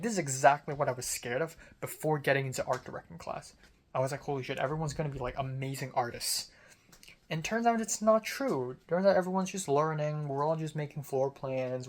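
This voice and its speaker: A young adult film student telling a story in a casual monologue, rambling with lots of "like" fillers and casual swearing. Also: medium pitch.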